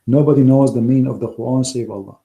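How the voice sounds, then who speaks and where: Hoarse, emphatic man with a dark voice. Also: medium pitch, steady tone, fast talker. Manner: emphatic, scornful, non-native grammar. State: hoarse, losing his voice. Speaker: online Christian debater. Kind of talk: polemical talk to a live audience.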